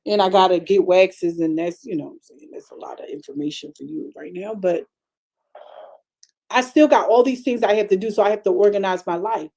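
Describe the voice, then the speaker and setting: She's a middle-aged pastor whose brisk, gravelly yet mellow voice carries a down-to-earth sermon. Her conversational delivery keeps swelling into emphatic bursts at a high pitch.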